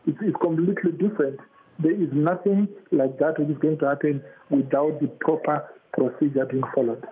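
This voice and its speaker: A man's voice: fairly high pitch, breathy edge. Defensive man on a tinny phone. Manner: measured, defensive, many ums and uhs. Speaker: ruling party defender guest. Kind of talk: political debate. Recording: tinny phone line with faint noise.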